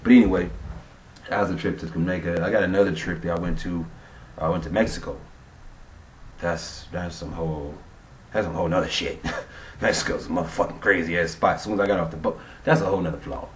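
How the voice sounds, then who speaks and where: A man's voice: sits low, fairly even intonation, a little fast, far from the mic, slight background noise. A man vlogger telling a travel story in a casual, profane, rambling way. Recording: roomy sound, off-mic.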